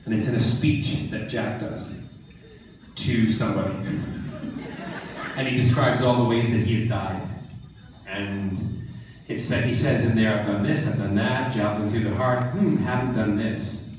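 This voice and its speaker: A man answering fans' questions at a convention panel, joking and animated. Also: on the low side, measured pace, recorded from a distance, a little hiss or hum. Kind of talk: casual Q&A with fans. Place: large convention hall. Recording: echoey hall, mic from afar.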